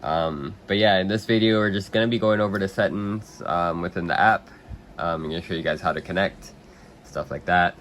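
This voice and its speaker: A young man under the weather, casually walking through a hands-on setup at a workbench with lots of ums and throat clearing. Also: deep voice, brisk, a little hiss or hum. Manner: relaxed, rambling with many ums, clears throat. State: under the weather, slightly hoarse. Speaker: RC hobby video host.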